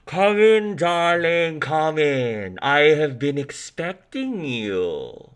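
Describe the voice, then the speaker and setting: A man voicing a theatrical, old-fashioned female fortune teller who speaks in a drawn-out, dramatic, ingratiating way. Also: on the high side, big pitch swings, clear, resonant tone, voice pushed up, full character voice.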